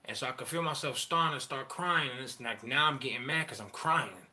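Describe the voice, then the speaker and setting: A man in a candid personal monologue, rambling and profane, halting often with fillers as he talks about his feelings. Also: mid-range voice, sharp tone. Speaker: father sharing personal story.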